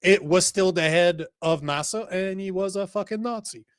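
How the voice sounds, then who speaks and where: A man co-hosting a casual political podcast, excitable and swearing often, laughing easily. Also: high voice, moderate pace, dry recording, clean studio sound. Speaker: co-host.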